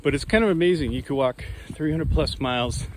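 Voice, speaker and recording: A man's voice: on the high side, a little fast. Easygoing guy rambling to the camera on a mountain, lots of outdoor background noise. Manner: relaxed, musing, rambling. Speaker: hiker vlogging on the trail. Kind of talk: casual outdoor vlog.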